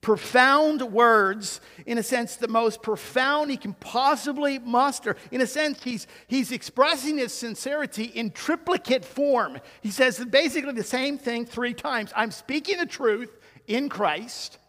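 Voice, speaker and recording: A man with a high voice delivers a slow, deliberate sermon, leaning on rhetorical questions and repeated phrases. His words ring out with a long reverb, as if in a large church hall. He is emphatic throughout. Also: sharp tone. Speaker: pastor. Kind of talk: expository sermon.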